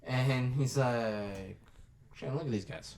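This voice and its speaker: A man's voice: mid-range voice, slow pace, darkish tone. A man co-hosting a podcast, retelling a film's scenes in casual chat and acting out the characters' lines with lots of swearing. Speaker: podcast co-host. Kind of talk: casual movie recap chat.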